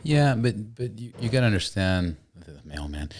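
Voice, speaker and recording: Very deep-voiced easygoing man. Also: big pitch swings, moderate pace, darkish tone, a little hiss or hum. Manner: easygoing, repeats himself, many fillers. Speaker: podcast host. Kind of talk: casual podcast conversation.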